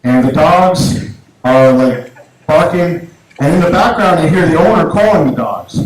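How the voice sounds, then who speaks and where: A man's voice: a little high, expressive, a little slow. Rambling male comic in an echoey room. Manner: rambling, restarts often, acts out quotes in a raised voice. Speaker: stand-up comedian. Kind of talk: stand-up storytelling. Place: small comedy venue. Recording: very echoey room, faint noise.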